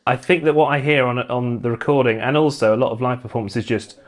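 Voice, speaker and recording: A man teaching a guitar lesson, calmly talking through strumming patterns and chord shapes, stopping between explanations to demonstrate. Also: medium pitch. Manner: relaxed, explaining step by step with pauses to play. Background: loud guitar playing between phrases.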